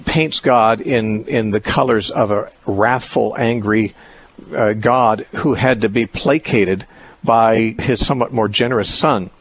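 A man hosting a call-in radio show, explaining Bible teaching in a measured, reasoning way with occasional restarts. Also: on the low side, dry recording. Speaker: radio host answering callers.

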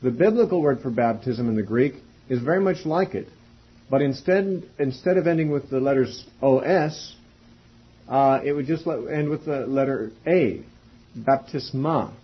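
Husky guy lecturing a bible class, slow and methodical, kinda muffled lo-fi tape. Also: medium pitch. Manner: methodical, spells out words, frequent uh fillers. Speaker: Bible teacher. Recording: dull lo-fi recording.

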